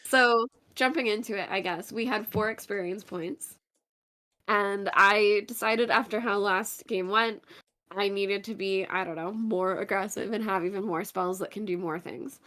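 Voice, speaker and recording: A woman's voice: medium pitch, steady tone, normal speed, bright, forceful tone. A woman guest on a card game stream, talking hesitantly and laughing nervously. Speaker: guest player. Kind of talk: casual chat about a card game stream.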